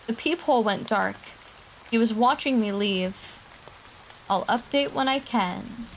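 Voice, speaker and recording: A woman's voice: on the high side, a little slow, slight background noise, poor audio. A woman streamer reading horror stories aloud to her live chat, with casual chatty asides in between.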